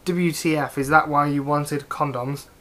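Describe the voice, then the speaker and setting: An angsty gothic teenage girl snaps every line in overblown fury, as a reader puts her on. The voice sits at a middling pitch. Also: fairly even intonation, a little slow, fairly bright tone, lightly acted. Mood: snarky.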